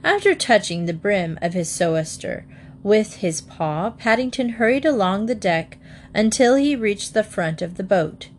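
Woman narrator, unhurried storybook reading, light background hiss. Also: mid-range voice, expressive.

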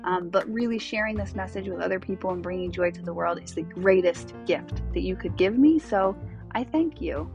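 A woman's voice: on the low side, normal speed. A woman podcast host giving a grateful sign-off at the end of an episode. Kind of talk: podcast outro. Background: soft music.

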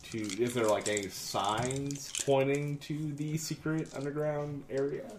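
A man's voice: mid-range voice, fairly even intonation, unhurried, slight background noise. A man playing in a tabletop game, bantering and joking in and out of character. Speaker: player. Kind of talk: tabletop role-play chat. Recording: echoey room.

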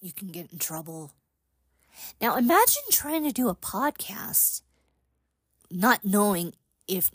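A woman hosting a casual solo podcast, speaking softly and haltingly with many fillers and whispered asides. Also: low voice, slightly rough, dry recording. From United States. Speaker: podcast host.

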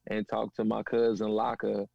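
Gravelly, slangy man telling stories. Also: lowish voice, moderate pace, no echo, highs cut off. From Panamanian family in the US. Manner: animated, slangy, acts out quotes, repeats "you know what I'm saying". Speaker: guest. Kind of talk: casual conversation, storytelling.

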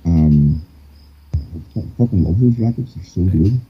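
A man's voice: low voice, expressive, unhurried, husky. An Irish man chatting casually over a call, rambling with lots of fillers. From Ireland. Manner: rambling, hesitant, many fillers. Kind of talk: casual chat. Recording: dull lo-fi call audio.

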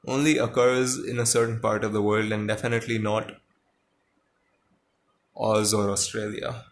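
A man reading a story aloud and pausing to muse on it, thinking aloud and correcting himself. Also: on the low side, level tone. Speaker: reader and commentator.

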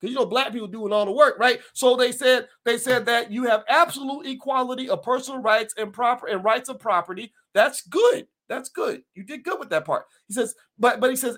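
A man hosting his own podcast, talking to listeners in a folksy, emphatic, animated way and often restarting his sentences. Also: extremely high pitch, fairly quick, few pauses. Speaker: podcast host. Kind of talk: casual commentary to listeners.

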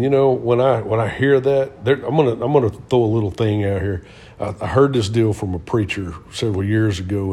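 A middle-aged man with a low, dark, slightly husky voice tells his story in an earnest, preacher-like way. He talks casually on a faith-based show and leans on fillers as he goes. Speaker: co-host of a Christian talk show.

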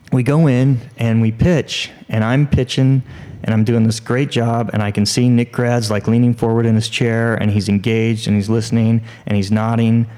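A man, a screenwriter and TV producer, telling a lively anecdote as a podcast guest, with many restarts. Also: on the low side. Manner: animated storyteller, restarts and fillers.

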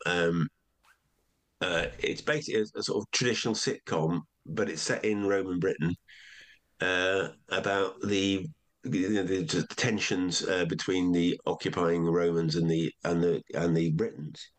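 Older male comedian guest, very low voice, rambling anecdotal storyteller. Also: steady tone, moderate pace. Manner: rambling, with many restarts and acted quotes. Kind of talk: relaxed anecdotal chat.

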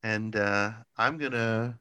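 This co-host speaks slowly in a fairly low voice that is smooth yet pushed and bright, rambling through a long story on a casual podcast. He laughs often and leans heavily on "like," and the recording is dry.

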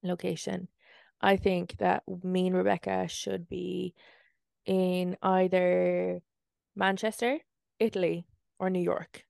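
A woman's voice: lowish voice, little pitch movement, takes it slowly, gravelly, a little mellow, no echo, clean studio sound. A woman co-hosting a podcast, chatting casually in a rambling, profane storytelling way while sitting in bed. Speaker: podcast co-host. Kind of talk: casual chat. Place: in bed in a room.

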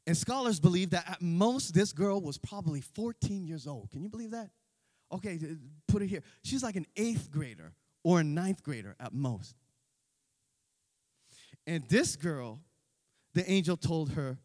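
Animated man preaching in a reverberant hall. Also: on the high side, moderate pace. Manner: animated, conversational preaching with slang. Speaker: pastor. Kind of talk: sermon.

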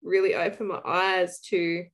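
A woman's voice: fairly low pitch, little pitch movement, a little slow. A woman co-hosting a podcast in casual chat, teasing her guest playfully. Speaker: podcast co-host.

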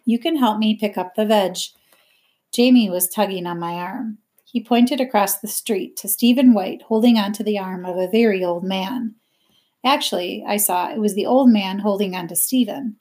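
Brief: woman narrator, steady audiobook-style novel reading. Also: mid-range voice, normal speed. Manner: steady, plain first-person narration. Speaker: reader.

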